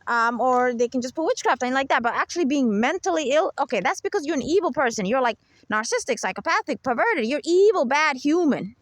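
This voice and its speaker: A woman's voice: sits high, lively intonation, brisk, no echo. A woman hosting her own channel, talking in a rambling, insistent monologue and keeping the listener with her by repeating "right?" and "okay?". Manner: repetitive, keeps checking with "right?" and "okay?"; insistent, lecturing tone. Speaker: channel host.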